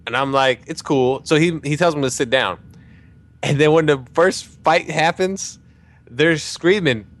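A man hosting a podcast, telling a jokey anecdote in a casual, animated way, with some swearing. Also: a little high, a little slow. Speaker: podcast host. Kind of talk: casual storytelling chat.

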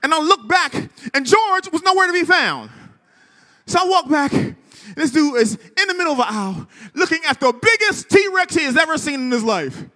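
A man's voice: very high voice, lively intonation, normal speed, sharp tone, long reverb tail. A man preaching a sermon with rhythmic repetition, calling on the congregation to respond. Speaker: pastor.

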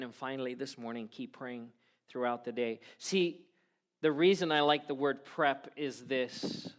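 Male pastor, slightly high voice, earnest sermon delivery with soft drops. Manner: earnest, quotes prayers and scripture with sudden soft drops.

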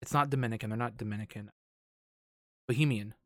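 A man hosting a casual chat, easygoing and curious, thinking out loud as he talks. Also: lowish voice, fast talker, no echo, clean studio sound.

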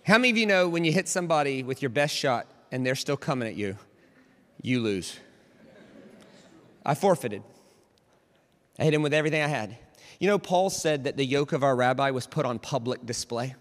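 A male pastor delivering a storytelling sermon, animated and dramatic, building to near shouts. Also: mid-range voice, normal speed, long pauses, big-room sound.

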